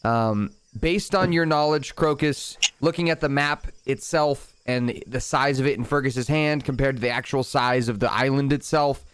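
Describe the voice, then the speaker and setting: A man narrating a tabletop game as dungeon master, setting scenes calmly and chatting casually between rolls. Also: mid-range voice, normal speed, few pauses, smooth. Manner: calm, descriptive scene-setting with casual asides.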